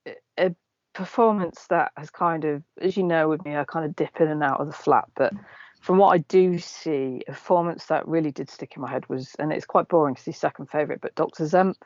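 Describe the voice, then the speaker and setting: A woman's voice: low-pitched, brisk, darkish tone, no echo, lo-fi sound. A woman on a racing panel giving her pick in a thoughtful, hesitant way, with many ums. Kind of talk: casual racing tipster chat.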